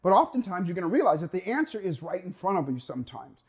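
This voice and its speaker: Energetic and forceful, this man gives a motivational talk in a high voice, voicing an anxious inner mind and stretching important words for emphasis.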